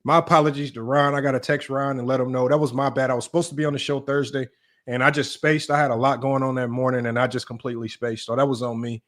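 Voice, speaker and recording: A man's voice: mid-range voice, flat delivery, fast. A man hosting a livestream sports talk show, emphatic and repetitive, tossing in "right?" and "y'all" as he argues a point. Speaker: sports channel host.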